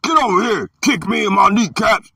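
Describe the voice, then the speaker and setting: A man's voice: on the high side, moderate pace, gravelly, pushed and bright, breathy edge, no room sound, heavily acted. A man voicing a greedy, mocking grown man who taunts and keeps repeating himself. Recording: dry and distant from the mic.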